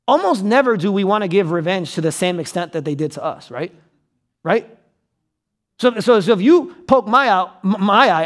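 High-voiced conversational male pastor preaching. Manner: conversational, checks in with the audience; acts out quotes with sudden loud outbursts. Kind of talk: sermon.

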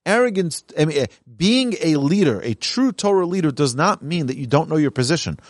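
Earnest rabbi teaching a Talmud class. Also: male voice, on the high side, animated, brisk, dry recording, studio quality. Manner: earnest, emphatic teaching with repetition; reads source lines, then explains in plain speech.

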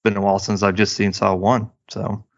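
A man co-hosting a podcast in casual chat, rambling with halting restarts and cracking dad jokes. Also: on the low side, little pitch movement, creaky, dull audio. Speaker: podcast co-host.

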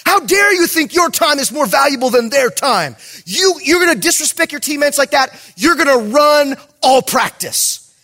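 A man voicing an angry football coach who shouts stern orders at a late player. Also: extremely high pitch, lively intonation, normal speed, pitched above the performer's own voice, full character voice. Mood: furious. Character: furious adult male football coach.

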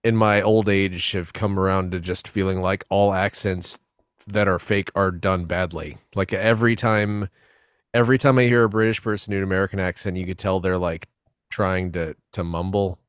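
A man's voice: low-pitched, fairly even intonation, moderate pace, clean tone, no room sound, clean studio sound. A man co-hosting a podcast in casual chat, musing and joking about. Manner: musing, puts on voices for laughs. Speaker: co-host.

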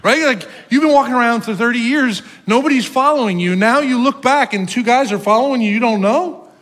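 A man's voice: very high-pitched, brisk, fairly bright tone, in a large hall. A man from North Jersey with a New Jersey accent, preaching a sermon as pastor and acting out the voices of the people in his story.

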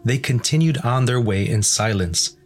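A man narrating a storybook in a measured, plain way. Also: mid-range voice, lively intonation, faint music behind.

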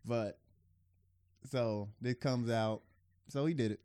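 A man's voice: mid-range voice, slow, mellow, clean tone, no room sound, clean studio sound. A man co-hosting a podcast in casual chat, swearing freely, laughing often and restarting his sentences. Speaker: podcast co-host.

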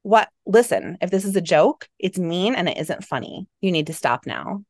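A woman's voice: fairly low pitch, lively intonation, moderate pace, no room sound, studio quality. A woman voicing a young man, her boyfriend character, who asks earnest, worried questions in a novel reading. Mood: puzzled. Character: young man, boyfriend, calm then uneasy.

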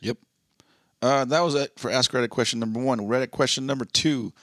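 A man's voice: medium pitch, brisk, fairly bright tone, no echo, clean studio sound. A man co-hosting a podcast, chatting in a laid-back way and reading out listener posts. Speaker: podcast co-host. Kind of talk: casual chat.

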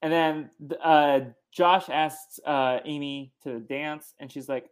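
Chatting about a movie on his podcast, this host speaks haltingly with plenty of fillers and performs the lines he quotes. He has a slightly high voice with fairly even intonation and a clean tone.

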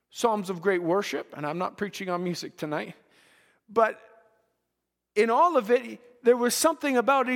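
A man's voice: high-pitched, vocal fry, long reverb tail. A man preaching a sermon to young people, earnest, often repeating words as he builds a point. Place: church.

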